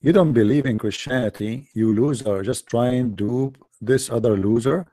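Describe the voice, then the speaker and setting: Man, taunting debate host, dark mellow tone, dry close sound. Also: medium pitch, normal speed, dry recording. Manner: mocking, taunting, repetitive rhetorical questions. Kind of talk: confrontational live-stream debate.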